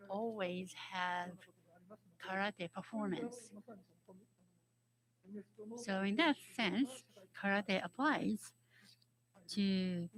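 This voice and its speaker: A woman speaking as a panelist at a symposium, measured and explanatory, often adding "you know". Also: mid-range voice, rough recording. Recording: crowd murmur behind.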